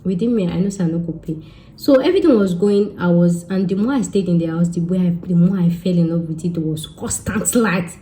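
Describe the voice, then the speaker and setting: A young Nigerian woman with a Nigerian accent, telling a story to her viewers in a lively, joking way and mixing Pidgin and Yoruba into her English. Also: on the low side, brisk. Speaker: vlogger. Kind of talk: casual storytelling.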